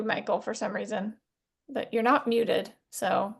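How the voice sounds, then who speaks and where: A woman moderating a video call Q&A, briskly calling on people. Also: mid-range voice, fairly even intonation, vocal fry, slightly rough. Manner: brisk and organizing.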